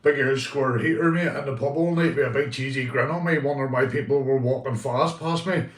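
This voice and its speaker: Northern Irish male streamer, chatty and profane, mid pitch, roomy sound from a distance. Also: fairly quick. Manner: rambling, swearing, calls viewers mate. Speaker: livestreamer. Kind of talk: casual live stream chat.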